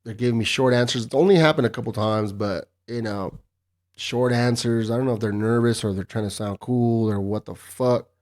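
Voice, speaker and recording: A man's voice: mid-range voice, normal speed, darkish tone. A man hosting his own podcast solo, chatting casually in a profane, rambling, sarcastic way. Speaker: podcast host.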